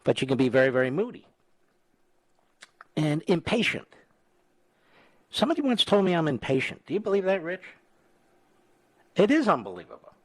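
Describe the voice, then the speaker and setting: Lively joking radio host man. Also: on the high side, normal speed, long pauses, dry recording. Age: 60s. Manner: wisecracking, lively storyteller. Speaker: radio talk show host. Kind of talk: casual talk radio chat. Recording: dry studio sound.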